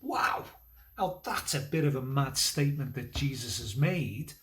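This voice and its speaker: A man narrates a Bible story for a children's school assembly. His voice sits at an ordinary middle pitch, and he speaks in an easy, conversational way with pauses and small fillers. He also lifts into livelier moments as the story builds. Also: slight background noise. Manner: lively, building energy toward the climax of the story. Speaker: church children's leader.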